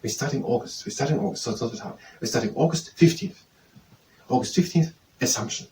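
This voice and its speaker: A man quizzes himself out loud while studying, repeating phrases and restarting hesitantly as he tries to memorize. He talks fast and animatedly in a mid-range, darkish voice, picked up by a distant mic with faint background noise.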